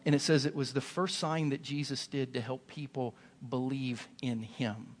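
A man's voice: mid-range voice, fairly even intonation, normal speed. A male pastor preaching a sermon in a church sanctuary, driving points home with emphatic, building repetition. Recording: long hall reverb in a sanctuary.

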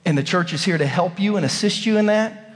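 Pastor, man, 30s, high voice, animated storyteller, church sermon with long hall echo. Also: brisk. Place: church sanctuary.

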